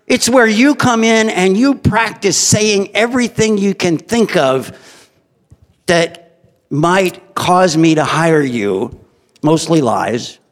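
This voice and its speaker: A man's voice: high-pitched, lively intonation, slow pace. A middle-aged man, an employer, giving a humorous, blunt talk to an audience, chuckling often as he jokes. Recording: long hall reverb.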